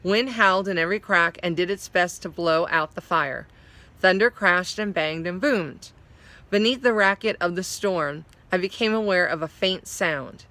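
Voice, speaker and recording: Bright-voiced woman reading a story. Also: lowish voice, normal speed. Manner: explains hard words while reading. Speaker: story reader.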